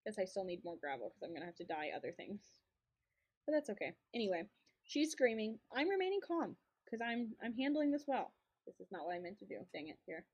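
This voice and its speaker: A woman's voice: mid-range voice, very animated, fairly quick, a little mellow, breathy edge, lo-fi sound. A young woman streaming a game and chatting casually, telling a story with frequent laughs and lots of repetition. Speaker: streamer and co-host. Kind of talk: casual storytelling while gaming.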